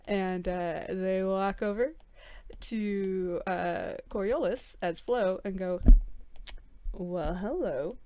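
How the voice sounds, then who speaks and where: A woman's voice: mid-range voice, fairly even intonation, takes it slowly, muffled recording, noisy background. A woman playing a tabletop role-play game in a casual, wry way, laughing often and slipping into quotes of her character.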